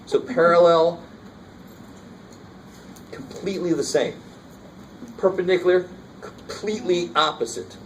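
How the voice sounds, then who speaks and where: A man's voice: sits high, a little slow, pauses often, recorded from a distance. Man teaching math in an echoey classroom. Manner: casual, engaged, keeps checking students follow. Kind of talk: classroom lecture. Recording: roomy classroom recorded from afar, faint noise.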